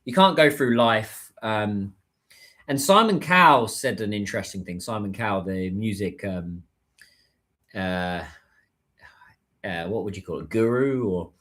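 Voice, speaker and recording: A man's voice: lowish voice, measured pace, long pauses, fairly bright tone. A middle-aged man chatting casually on his livestream, rambling and hunting for words with lots of ums and uhs. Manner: rambling, searches for words with many fillers. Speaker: livestream host.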